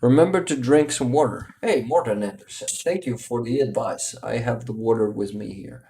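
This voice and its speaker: Hosting a casual livestream, a Ukrainian man reads viewer comments aloud unhurriedly, searching for words and laughing often. His mid-range voice is creaky and dark-toned, with a little hiss or hum.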